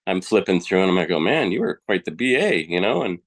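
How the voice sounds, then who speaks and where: A man's voice: deep voice, very animated, fairly quick. A man, a podcast guest, telling his personal story in a frank, colloquial, plainspoken way.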